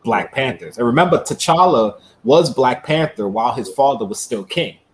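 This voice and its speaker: A man hosting a casual livestream chat, explaining at length in an animated way. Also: medium pitch, normal speed, a little hiss or hum. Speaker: host.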